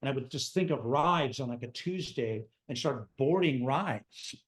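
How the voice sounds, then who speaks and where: A man's voice: medium pitch, unhurried. A man in his sixties, a theme park designer telling stories from his life in an interview, acting out the voices of people he quotes. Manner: animated, acts out quoted dialogue in his telling. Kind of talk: storytelling in conversation.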